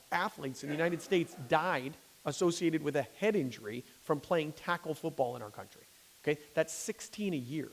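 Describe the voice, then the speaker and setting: A man's voice: on the high side, a little mellow. A man, a physician, giving a conversational lecture to a lay audience. He often restarts sentences and checks in with "okay?". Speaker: physician giving a public talk. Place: church hall. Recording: long hall reverb.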